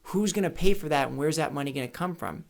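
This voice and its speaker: Speaking quickly with a high-leaning voice and some vocal fry, a man lectures to camera about retirement. He's emphatic, repeating crucial questions and sharing anecdotes. He's in an office or home studio, recorded by a camera mic with studio lighting.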